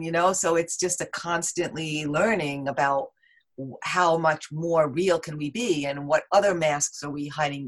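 Animated woman podcast guest, lower voice. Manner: animated, rambling, heavy on "like" and "you know". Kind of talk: casual interview chat.

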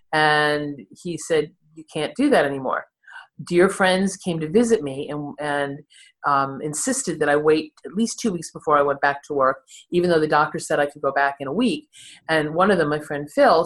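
A woman in her sixties, a therapist, telling her own story candidly in an interview and laughing at herself along the way. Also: sits low. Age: 60s. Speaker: therapist and podcast guest.

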